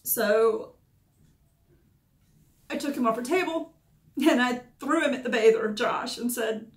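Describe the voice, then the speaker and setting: A woman's voice: a little high, slow pace, long pauses. A woman, a dog groomer candidly recounting past events in short, emotional bursts. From Georgia, USA. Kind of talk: personal storytelling. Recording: echoey room.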